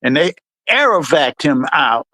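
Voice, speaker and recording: A middle-aged man from the U.S. hosts a storytelling livestream, recounting service tales at a measured pace in a dry recording. Animated throughout, he acts out the characters and delivers their quotes in a higher-pitched voice.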